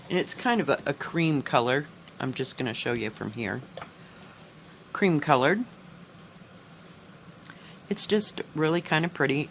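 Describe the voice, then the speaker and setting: A woman chatting casually at home as she shows her cross-stitch projects, rambling and unhurried. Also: low voice, a bit bright, slight background noise, poor audio. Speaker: cross-stitch video host. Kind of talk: casual crafting chat.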